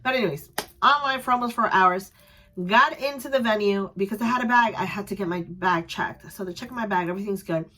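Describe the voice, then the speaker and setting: A woman's voice: medium pitch, a little fast, a little hiss or hum. Chatty young woman vlogger. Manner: animated, chatty, laughs often. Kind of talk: casual storytelling.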